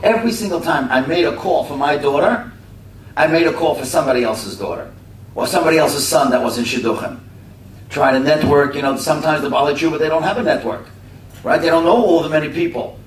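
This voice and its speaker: A middle-aged man giving a conversational storytelling sermon, full of asides to his listeners. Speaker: speaker at a religious community talk. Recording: echoey room from a distance, faint rumble.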